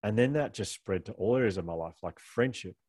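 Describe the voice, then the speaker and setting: Aussie bloke, lowish voice, rattling off funny stories quick, dry close sound. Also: male voice, slightly rough, dry recording. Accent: Australian. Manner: animated, laughing storyteller with fast rambling delivery. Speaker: author and guest. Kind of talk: casual storytelling interview.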